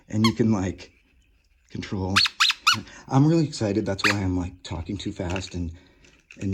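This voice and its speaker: Gushing low-voiced man exploring. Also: background noise. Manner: gushing, rambling, swearing, drops to whispers. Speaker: urban explorer and toy collector. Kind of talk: excited exploration vlog. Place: dark abandoned daycare, indoors.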